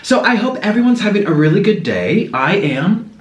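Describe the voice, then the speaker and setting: This man has a high, sing-song voice at normal speed as he eats on camera for a casual mukbang. He's a chatty food vlogger who stops to coo at his pet between mouthfuls, recorded in an echoey room with a little noise.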